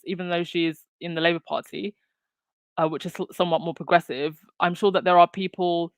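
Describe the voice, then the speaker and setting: A woman's voice: fairly low pitch, fairly bright tone, no room sound. A woman hosting her own commentary channel, talking casually with lots of fillers and restarts. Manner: chatty, many fillers and restarts. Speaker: channel host.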